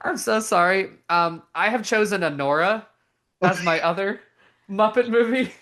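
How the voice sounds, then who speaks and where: A young woman co-hosting a podcast, chatting casually in an animated, giggly way with lots of fillers. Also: mid-range voice, moderate pace. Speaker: podcast co-host. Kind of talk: casual chat.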